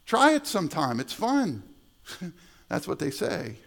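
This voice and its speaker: A man's voice: high-pitched, wildly swooping pitch, slow, vocal fry, fairly bright tone. A middle-aged male pastor preaching a sermon in a conversational way, repeating words and adding asides. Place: church sanctuary.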